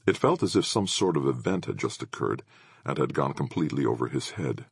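A man narrating an audiobook with expressive storytelling. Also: rumbling low, fairly quick, slightly rough, no room sound, clean studio sound.

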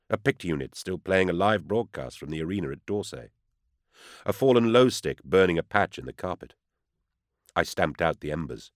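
A man with a very deep voice narrates an audiobook in the first person, measured and tense. The sound is dry and close, with no room around it. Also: no echo.

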